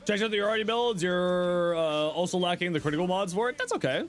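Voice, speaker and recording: A man's voice: high voice, lively intonation, fairly quick. A young man streaming a game, chatting casually and joking as he reads chat aloud. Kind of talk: casual live game commentary.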